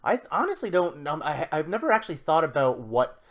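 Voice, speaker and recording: A man's voice: fairly high pitch, sing-song, fairly quick, a crowd in the background. A man co-hosting a podcast in casual chat, rambling and restarting as he eagerly explains ideas. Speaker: podcast co-host.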